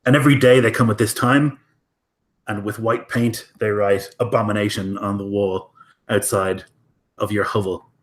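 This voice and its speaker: Low-ish voiced guy game-mastering, loose and rambly with lots of ums. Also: little pitch movement, a little slow. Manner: casual, many fillers, profane. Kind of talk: improvised tabletop narration.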